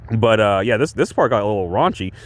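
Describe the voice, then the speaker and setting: A man's voice: fairly low pitch, animated, quick pace. A man casually talking through a movie he reviews, rambling with lots of fillers and restarts and chuckling often. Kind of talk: casual film review chat.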